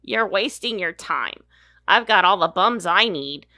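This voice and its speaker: A woman's voice: lowish voice, animated, measured pace, pushed and bright, no room sound, full character voice. A woman reading the part of a greedy old female witch who runs a bathhouse, in a pinched nasal voice with a scornful manner. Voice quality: nasal, pinched as if holding the nose. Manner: sneering and scornful. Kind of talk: casual read-through of film lines.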